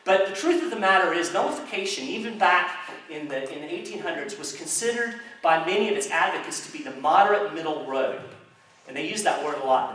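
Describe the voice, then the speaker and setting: A man giving a public talk to a crowd in a chamber of commerce hall, in an animated storytelling manner. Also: on the high side. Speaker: speaker. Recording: echoey hall, distant mic, faint noise.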